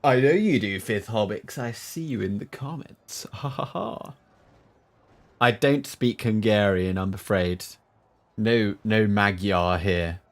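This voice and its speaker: Slow-talking male game streamer. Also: fairly low pitch. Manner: chatty, talks to stream chat between sudden excited outbursts. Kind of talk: live gameplay commentary.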